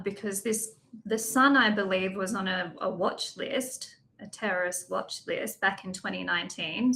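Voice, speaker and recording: A woman's voice: fairly low pitch, a bit bright. An Australian woman speaking as a guest, blunt and emphatic, talking with rising indignation. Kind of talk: impassioned interview talk.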